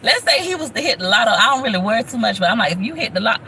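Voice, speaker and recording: Woman vlogger, 30s, bright chatty delivery, faint hum behind. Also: a little high, lively intonation, very fast, poor audio. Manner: chatty, shouts out thanks to viewers. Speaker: YouTube vlogger on a live stream. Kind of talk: casual live-stream chat.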